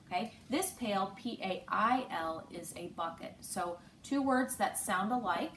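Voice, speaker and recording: A woman teacher giving a slow, patient online phonics lesson, spelling out letters and sounds. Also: medium pitch, animated, a bit bright. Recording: roomy, distant mic with faint noise.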